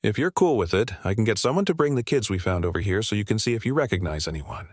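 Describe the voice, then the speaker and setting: A man's voice: on the low side, expressive, quick pace, dry recording, clean studio sound. A man reading a breezy young hero. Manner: breezy slang-heavy. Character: laid-back young male hero.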